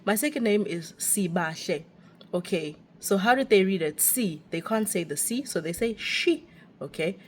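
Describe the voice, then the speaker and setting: A woman's voice: medium pitch, brisk, few pauses, slight background noise. A young woman with a South African accent, a teacher abroad, chatting and ranting casually while walking outdoors with a phone. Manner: chatty ranting, animated and expressive. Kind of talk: casual walking vlog chat.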